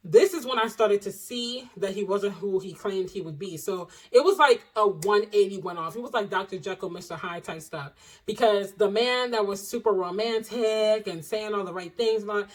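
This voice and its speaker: A young adult woman in a casual storytime chat to camera at home, chatty and animated, acting out quotes in different voices. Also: mid-range voice. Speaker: vlogger. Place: home, indoors.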